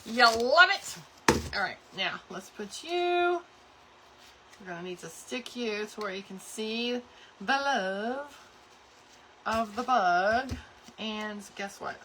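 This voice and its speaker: A woman's voice: medium pitch, pushed and bright, a little hiss or hum. A woman hosting a live crafting tutorial, chatting cheerfully with viewers while she works. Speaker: craft channel host.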